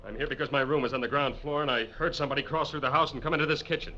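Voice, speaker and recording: Curt defensive guy, actor playing him, quick sharp delivery, old lo-fi radio with music behind. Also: mid-range voice, fairly even intonation, slight background noise, natural voice. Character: defensive, hostile man caught snooping. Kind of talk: 1940s radio drama acting. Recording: lo-fi vintage radio broadcast with music.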